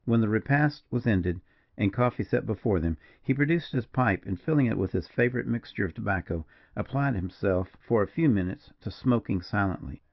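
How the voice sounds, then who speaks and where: A man narrating an old western novel as an audiobook, in a measured storytelling manner. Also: on the low side, lively intonation, no echo. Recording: dull lo-fi dry recording.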